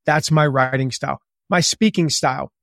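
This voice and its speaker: A man in his forties, a guest on a podcast interview, talking in a gregarious, animated and slightly loud way, with lots of casual fillers. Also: mid-range voice, moderate pace, vocal fry, no echo, studio quality. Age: 40s. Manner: conversational with many fillers. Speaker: guest author and business coach.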